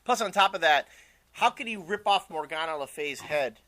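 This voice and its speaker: A man's voice: fairly high pitch, expressive, normal speed, pushed and bright. A man co-hosting a casual chat show, opinionated and rambling, with lots of fillers. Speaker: co-host.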